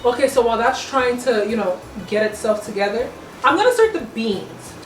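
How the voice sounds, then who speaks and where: A woman's voice: a little high, very animated, a little fast, noisy background. A young woman cooking at home and chatting playfully to her viewers in a casual, slangy way. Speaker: cooking vlogger. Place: home kitchen. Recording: echoey kitchen, mic at a distance. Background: music playing.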